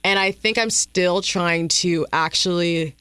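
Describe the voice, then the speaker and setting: A female author talks about her book as a radio guest, enthusiastic and chatty. Her voice sits a little low for a woman. The recording is dry and close to the mic. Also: fairly even intonation, a little slow, a bit bright, clear, resonant tone, no room sound. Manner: enthusiastic, laughs often, with fillers. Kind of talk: radio interview chat. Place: radio studio.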